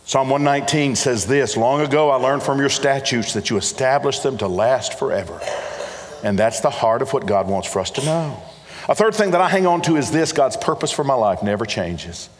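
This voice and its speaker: A man's voice: medium pitch, lively intonation, normal speed. A middle-aged man preaching a sermon, earnest and repetitive, speaking directly to his congregation. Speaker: pastor. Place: church sanctuary. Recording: church hall reverb.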